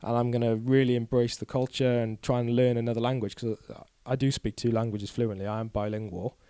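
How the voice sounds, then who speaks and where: In a casual podcast chat, this young guest cyclist in his 20s rambles a little, speaking candidly and with self-deprecating humor. His voice is mid-range, mellow, clear and resonant, delivered flatly and fairly quickly with no echo.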